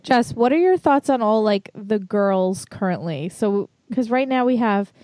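Podcast co-host, woman, inquisitive and teasing; mellow, dry sound. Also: medium pitch, lively intonation, unhurried, dry recording. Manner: teasing, asks guests questions. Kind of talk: casual chat.

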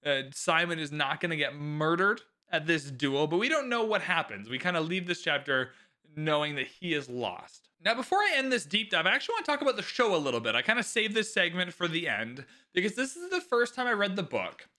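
A man's voice: a little high, big pitch swings, fairly quick, bright, forceful tone. A man hosting his own podcast, chatting casually and animatedly and swearing freely. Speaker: podcast host. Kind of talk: casual solo podcast talk.

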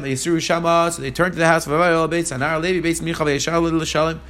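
Fast, high-voiced man teaching a text. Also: fairly even intonation, a bit bright. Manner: reads Hebrew verses then paraphrases in English. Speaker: Torah teacher. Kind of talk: verse-by-verse text lesson.

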